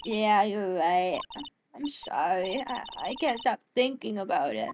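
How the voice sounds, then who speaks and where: A woman reading as a timid, quiet little girl. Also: medium pitch, sing-song, unhurried, background noise. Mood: worried. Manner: soft, hesitant, quiet.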